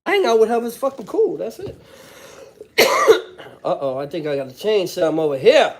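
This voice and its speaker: Guy with a cold on a live stream, coughing, cussing casually, shouting out his viewers and talking to his kid. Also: high voice, huge pitch swings, fairly quick, very noisy. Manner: loose and profane, shouting out viewers by name, talking to his toddler son. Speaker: livestream host, former prisoner.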